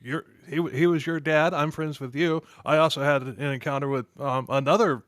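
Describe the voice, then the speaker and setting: A male podcast host chatting casually, rambling and stumbling over his words, with laughter breaking in often. His voice sits a bit high for a man, and the sound is dry and close. He comes across as loose and talkative. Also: fairly even intonation, normal speed, fairly bright tone, dry recording.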